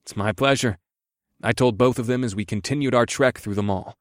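A man's voice: mid-range voice, fast, no room sound, studio quality. A man narrating a first-person audiobook in an amused storytelling manner.

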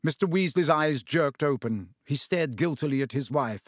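A male narrator reading a novel aloud in a steady storytelling manner. His voice sits slightly high. The recording is dry and close. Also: normal speed, no echo. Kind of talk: audiobook reading.

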